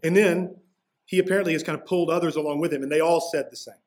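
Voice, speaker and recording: A man's voice: on the high side, fairly even intonation, fast. A man preaching a sermon as pastor, walking through a passage in a casual, conversational way with slangy asides.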